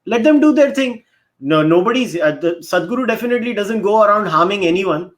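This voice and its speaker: A man's voice: high-pitched, animated, fairly quick. A man arguing emphatically in a heated panel discussion, slipping in Hindi phrases. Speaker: guest panelist.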